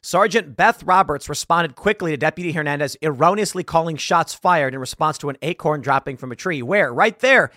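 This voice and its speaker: A man hosting a casual commentary show, reacting to a video in an animated way, often laughing and acting out lines. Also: fairly high pitch, brisk, few pauses, no echo. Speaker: host.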